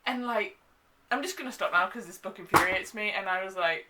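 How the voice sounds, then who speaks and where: A young woman giving a casual, exasperated book review, full of "like" and quick asides. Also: medium pitch, background noise. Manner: animated, exasperated, filler-heavy with frequent "like". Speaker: book vlogger.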